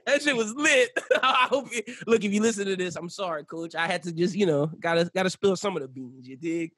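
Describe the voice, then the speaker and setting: A young man telling animated, profane stories in casual podcast chat, laughing often. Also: high-pitched, fairly quick, no room sound, clean studio sound. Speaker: podcast guest.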